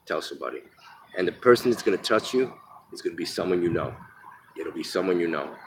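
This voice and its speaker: A man's voice: low-pitched, lively intonation, quick pace, background noise. A man telling candid stories from his own life in a rambling, profane way with lots of fillers, and giving blunt advice to listeners. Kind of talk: candid personal storytelling monologue.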